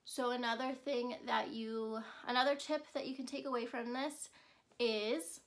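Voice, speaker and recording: A woman's voice: on the high side, fairly even intonation, unhurried. A young woman hosting a self-care vlog, talking casually and earnestly to her viewers and often asking "right?". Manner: chatty and earnest, frequent "right?" and "um". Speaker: self-care podcast host. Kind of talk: casual solo vlog talk.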